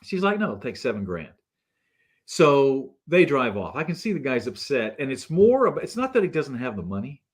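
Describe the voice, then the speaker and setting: A man, a guest on a talk show, telling a story in a relaxed, animated way and acting out the people in it. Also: mid-range voice, a little fast, few pauses. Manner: animated storyteller who acts out the people in his stories. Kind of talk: casual anecdote telling.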